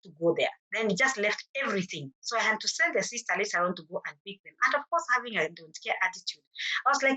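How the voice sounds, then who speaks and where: A woman's voice: medium pitch, lively intonation, fast talker, pushed and bright, husky, rough recording. A middle-aged woman with a Kenyan accent, earnestly telling her own story as a mother at a forum and acting out the exchanges she recalls. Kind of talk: personal testimony at a forum.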